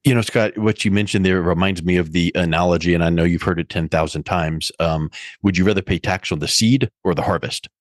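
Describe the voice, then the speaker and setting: Male podcast host, very low voice, dry sound, relaxed conversational delivery with analogies. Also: fairly quick, no room sound. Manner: conversational, uses analogies, some fillers. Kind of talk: podcast interview.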